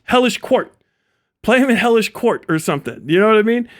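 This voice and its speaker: Young ohio guy with a really high voice, cursing nonstop on his stream, keeps cracking himself up. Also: expressive, fairly quick. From Ohio, USA. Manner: swears constantly, laughs at his own jokes. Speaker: livestreamer. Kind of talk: profane live-stream rant.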